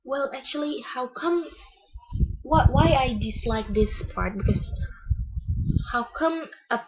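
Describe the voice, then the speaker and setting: A woman talks through a book review slowly, stopping often to search for words and restarting her sentences. Her voice is a little breathy and unhurried. The recording sounds dull and lo-fi. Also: sits high. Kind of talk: casual spoken book review.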